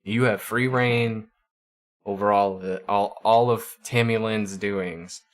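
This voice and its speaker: A man's voice: on the low side, fairly even intonation, slow. A man hosting a livestream, chatting casually with viewers and often stumbling over and repeating his words. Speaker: livestream host.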